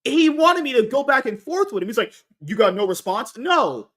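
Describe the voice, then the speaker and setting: A man's voice: very high voice, sing-song, normal speed, a bit bright. A man hosting a casual podcast, rambling and swearing, often restarting his sentences. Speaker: podcast host.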